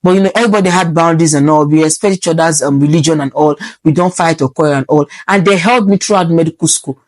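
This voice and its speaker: A woman's voice: low voice, fast talker, no echo. Preachy Nigerian woman vlogger. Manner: preachy and animated, slipping into pidgin asides. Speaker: medical student vlogger. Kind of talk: casual advice vlog.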